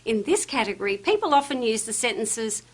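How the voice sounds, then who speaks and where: A woman giving scripted instructional narration for a training course, with a lively, emphatic delivery. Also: on the high side, fairly quick. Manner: lively, emphatic delivery when quoting phrases.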